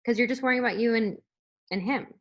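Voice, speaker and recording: A woman's voice: a little high, quick pace, lo-fi sound. A woman talking openly over a video call in casual, rambling chat, with lots of filler words. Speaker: guest at an online moms' meet-up.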